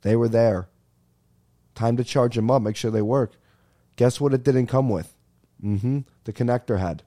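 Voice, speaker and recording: A man's voice: medium pitch, moderate pace, dark tone. A young man hosting a podcast, ranting casually and animatedly, swearing and calling everyone dude. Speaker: podcast host. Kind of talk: casual comedic rant.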